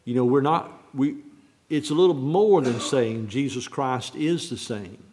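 A man preaching on a Bible verse, halting and restarting often, repeating key phrases slowly. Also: mid-range voice, a little mellow, slight background noise. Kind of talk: sermon, unscripted Bible teaching.

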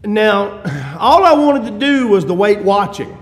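Man, preacher, high voice, fervent sermon, shouts and hushed asides, folksy humor. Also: animated, a little slow, gravelly, faint music behind. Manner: chuckles and folksy humor between points. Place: church.

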